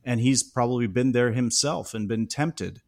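A man's voice: mid-range voice, moderate pace, vocal fry. A man co-hosting a podcast, talking through a film scene in a thoughtful, analytical way. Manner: thoughtful, analytical, animated when praising. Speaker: podcast co-host. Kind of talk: casual film discussion.

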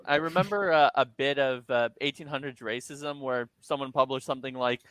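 Smooth-voiced man tossing out wry jokes. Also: mid-range voice, a little fast, a bit bright, no room sound, rough recording. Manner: wry one-liners. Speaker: guest. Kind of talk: casual group chat.

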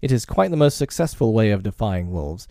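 A male narrator reads a storybook aloud with an expressive, lively delivery. His voice is low and warm. The sound is dry and close. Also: a little fast, dry recording. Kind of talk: storybook reading.

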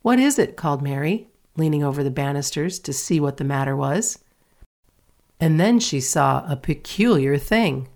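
A woman narrating a children's story aloud in a steady, clear reading voice. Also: low voice, moderate pace. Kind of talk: audiobook reading.

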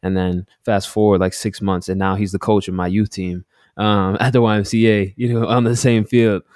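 A man from Delaware telling youth sports stories in a casual chat, acting out shouted quotes. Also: lowish voice, moderate pace, no echo, studio quality. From Delaware, United States. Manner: animated storyteller, acts out loud quotes.

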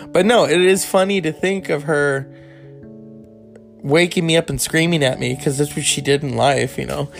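A man telling a candid personal story in a rambling, casual way, swearing freely and adding animated asides. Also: on the high side, normal speed, creaky, soft background music.

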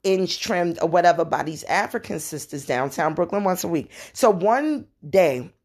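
Podcast host: New woman, low voice, chatty storyteller with laughing asides. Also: animated, moderate pace, a little mellow. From New York. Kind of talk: casual storytelling.

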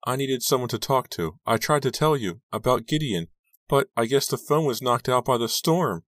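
A man's voice: medium pitch, lively intonation, moderate pace, fairly bright tone, no room sound, clean studio sound, pitched above the performer's own voice, close to an everyday voice. A man voicing a heartbroken teenage girl who sobs and wails, in an audiobook. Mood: tearful. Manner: sobbing, wailing. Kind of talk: audiobook character voice.

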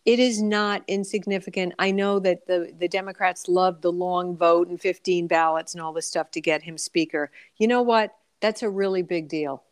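A woman's voice: lowish voice, steady tone, normal speed, few pauses, clean tone, no room sound, studio quality. A woman columnist speaking as a guest on a radio talk show, thoughtful and full of hesitations. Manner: hesitant, many fillers and restarts. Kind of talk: radio interview.

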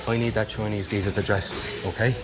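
An actor playing a gruff middle-aged boxing coach, dry and lecturing, from film audio. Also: male voice, lowish voice, fairly even intonation, fairly quick, music in the background, natural voice. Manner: dry, lecturing, erupts into shouting. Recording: film audio with score underneath.

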